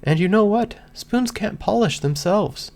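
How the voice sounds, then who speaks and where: A man voicing a cheerful, gentle pony mare who talks in a soft, earnest, lilting way. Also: sits high, lively intonation, unhurried, gravelly, pitched above the performer's own voice, heavily acted. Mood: gentle coaxing.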